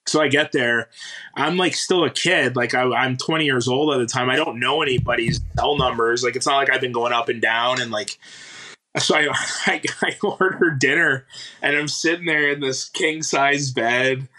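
A former hockey player in his thirties from Canada recounts his past in a relaxed interview. His voice is bright and forward. He talks haltingly, full of fillers and restarts, and breaks into laughter often. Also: mid-range voice, low-quality recording. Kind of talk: casual interview storytelling.

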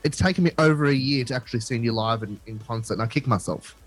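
A man's voice: medium pitch, fast, breathy edge, low-quality recording. A man hosting a radio interview, effusive and gushing with praise for his guests. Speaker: radio host.

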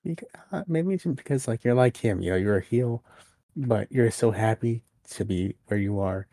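A man with a lowish, mellow voice speaks at a moderate pace. Co-hosting a podcast, he gives a long, casual recap of a wrestling show, acting out the lines that were said.

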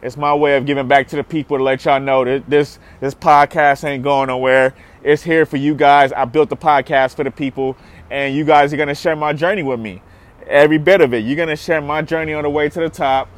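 A man's voice: on the high side, fairly even intonation, brisk. Hyped young man podcasting outdoors. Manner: hyped, emphatic, repetitive. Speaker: podcast host. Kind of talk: casual podcast monologue. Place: outdoors in a city square.

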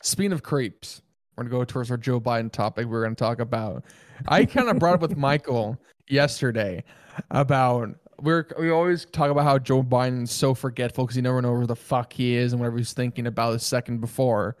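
A man's voice: medium pitch, brisk, no room sound, clean studio sound. Defensive man in his twenties, rambling. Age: 20s. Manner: defensive, rambling, repeats himself. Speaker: podcast co-host. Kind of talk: casual comedy podcast banter.

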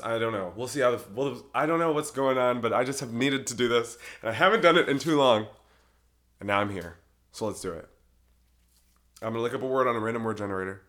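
A man's voice: medium pitch, fairly bright tone. A young man hosting his own solo podcast, rambling casually, often breaking into giggles and cutting himself off mid-sentence. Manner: giggly, rambling, self-interrupting. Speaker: podcast host.

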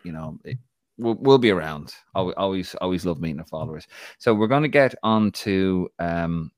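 A man's voice: low-pitched, lively intonation, normal speed, no echo, studio quality. An Irish man co-hosting a casual live football chat show, joking, rambling and laughing as he talks. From Ireland. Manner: jokey, rambling, laughs often. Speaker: podcast co-host.

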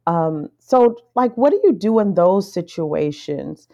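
A woman co-hosting a casual conversation, gentle and thoughtful, pausing with frequent ums. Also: fairly low pitch, expressive, muffled recording. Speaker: podcast co-host.

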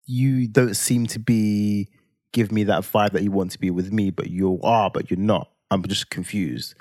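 A young man tells a story with a low voice and a dramatic, animated delivery full of slang tags. The sound is close and dry, with no room around it. It plays as casual podcast talk. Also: a little slow, no room sound. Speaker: podcast co-host.

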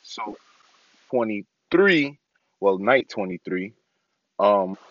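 A young podcast host talks from his parked car, giving a laid-back, rambling update full of ums. His voice sits on the low side with lively intonation, and he speaks slowly; the recording is dry with the highs cut off.

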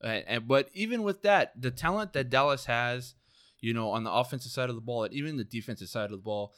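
A man's voice: mid-range voice, expressive, a little fast, a bit bright, no echo, clean studio sound. A man hosting a casual podcast chat, eager and casually swearing. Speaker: podcast host.

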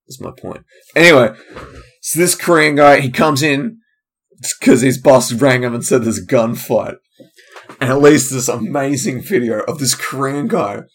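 A man, a comedian, hosting a solo podcast in a loose, rambling, digressive way, with frequent trailing-off asides. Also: mid-range voice. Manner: casual, loose and digressive, trailing off, many fillers.

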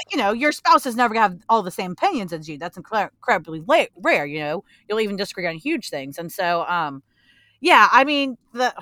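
A woman's voice: fairly high pitch, a bit bright, no room sound. A woman co-hosting a casual comics podcast, talking animatedly, repeating points for emphasis and swearing freely. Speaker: podcast co-host.

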